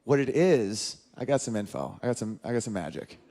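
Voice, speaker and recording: A man in his thirties doing an animated stand-up comedy routine, jumping in and out of character voices. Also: brisk, gravelly. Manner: animated, jumps into high-pitched character voices.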